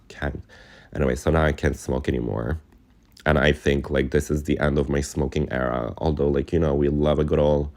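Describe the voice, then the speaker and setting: A man's voice: rumbling low, a little mellow. A young man telling a rambling, emotional storytime in a casual vlog, full of filler words. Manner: emotional, confiding. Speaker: vlogger.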